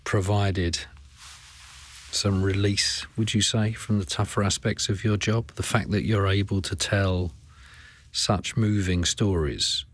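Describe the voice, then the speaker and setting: A man hosting an interview podcast, asking measured, probing questions. His voice is very low. He steps in with short murmurs of agreement. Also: fairly even intonation. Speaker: podcast host.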